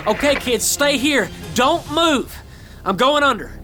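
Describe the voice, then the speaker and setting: A rugged, folksy mountain guide in an audio drama, voiced by a man. His speech is homespun and drawling, and his pitch swings widely. Music runs under the dialogue. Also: animated, measured pace, sharp tone, full character voice. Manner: folksy drawl, says "reckon".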